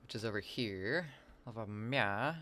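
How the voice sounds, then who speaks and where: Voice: medium pitch, measured pace, pushed and bright. An adult game streamer chatting casually while playing, reading the chat aloud and answering it, with playful, rambling asides. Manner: playful wordplay and silly asides.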